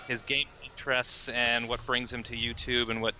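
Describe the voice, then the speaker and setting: A man co-hosting a podcast, chatting easily and telling stories in a relaxed way. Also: mid-range voice, a little fast, hardly any pauses, background noise. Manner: easygoing storyteller, chatty. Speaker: podcast co-host on a trip. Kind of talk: casual podcast chat.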